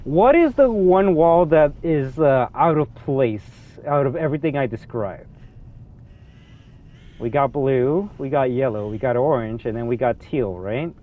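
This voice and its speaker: A young man giving excitable, rambling commentary over a game, swinging between low mutters and loud outbursts. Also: a little slow, phone-quality sound. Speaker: gaming youtuber. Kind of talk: ranting gameplay commentary.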